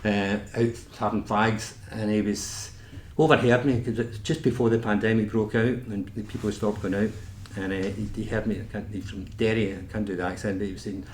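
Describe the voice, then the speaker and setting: A man's voice: fairly low pitch, steady tone, a little fast, a little mellow. A man with a Scottish accent, a nurse giving an informal talk about his work, chatty and full of anecdotes and restarts. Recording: echoey meeting room, faint noise.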